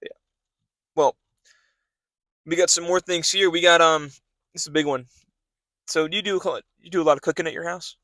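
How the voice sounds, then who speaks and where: A man's voice: fairly high pitch, fairly even intonation, normal speed, long pauses, fairly bright tone, no echo. A young man, hosting a podcast in loose, rambling casual chat full of fillers and restarts. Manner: rambling, filler-heavy talk with many restarts. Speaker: podcast host.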